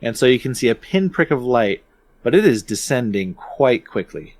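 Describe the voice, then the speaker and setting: A man's voice: medium pitch, sing-song, normal speed, no room sound. A man running a tabletop game as dungeon master, narrating unhurriedly and often chuckling.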